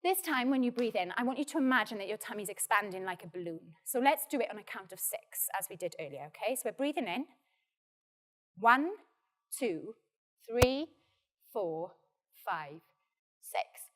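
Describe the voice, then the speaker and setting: A Welsh woman leads a drama workshop, explaining and demonstrating warm-up exercises in a clear, encouraging way. Her voice sits a little high, and she talks with practical directness. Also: expressive, quick pace, few pauses. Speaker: actor leading a drama workshop. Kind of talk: practical teaching, giving instructions.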